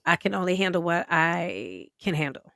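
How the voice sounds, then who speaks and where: A woman co-hosting a podcast in casual chat, talking in a relaxed, slangy way with lots of fillers and restarts, and sometimes reading an article aloud. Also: lowish voice, normal speed, gravelly, no room sound, clean studio sound. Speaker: podcast co-host.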